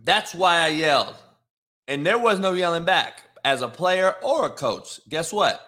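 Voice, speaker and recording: A man's voice: on the high side, lively intonation, measured pace, sharp tone. A middle-aged man and former coach hosting a show, ranting in a brash, profane way and mocking commenters. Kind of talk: profane live-stream rant.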